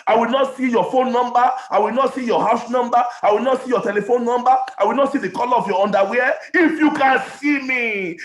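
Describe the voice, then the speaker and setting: High-pitched Nigerian preacher shouting in an echoey hall. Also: male voice, fairly quick, hardly any pauses. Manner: impassioned preaching, often shouting, with stammered repetitions. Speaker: pastor. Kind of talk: sermon. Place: church hall.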